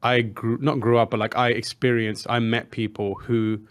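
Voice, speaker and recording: A man's voice: medium pitch, little pitch movement, moderate pace, clean tone. A man co-hosting a podcast, talking in an earnest, thoughtful way with frequent restarts. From outside America. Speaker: podcast co-host. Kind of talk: casual chat.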